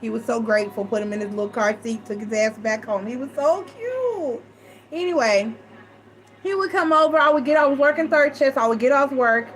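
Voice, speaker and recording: A middle-aged woman telling personal stories to a live chat, animated and acting out what others said. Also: on the high side, brisk, low-quality recording. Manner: animated, acts out quoted voices, frequent self-restarts. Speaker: tarot reader and live chat host. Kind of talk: casual storytelling to a live chat.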